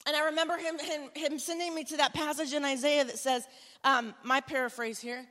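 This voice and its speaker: A woman preaching a sermon, conversational and storytelling, building to emphatic, loud exclamations. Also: high voice, steady tone, fairly quick. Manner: conversational storytelling with self-talk asides. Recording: long hall reverb.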